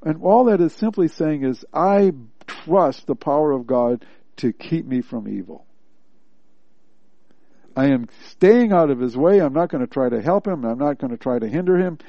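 A man's voice: fairly high pitch, animated, normal speed, no echo. Earnest man preaching in a dry, dull recording. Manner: earnest, plainspoken, repeats points for emphasis. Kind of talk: devotional teaching, reading and explaining a text.

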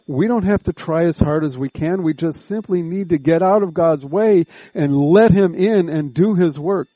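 A man preaching a sermon, slow and deliberate, drawing out words and making earnest appeals to his listeners. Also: on the high side, dry recording, dull audio.

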